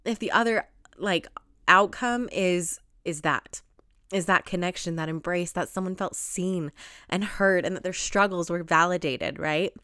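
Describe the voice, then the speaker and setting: A woman's voice: fairly low pitch, measured pace, sharp tone, smooth, no room sound, clean studio sound. A woman in her thirties hosting a solo podcast, talking earnestly and emotionally with lots of casual fillers. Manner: earnest and emotional, with frequent "like" and "right?". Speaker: podcast host.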